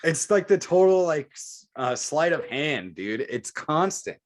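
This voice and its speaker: A man's voice: on the high side, very animated, measured pace. A man co-hosting a podcast, talking politics in a heated, profane, rambling way. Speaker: podcast co-host. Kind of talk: casual political chat.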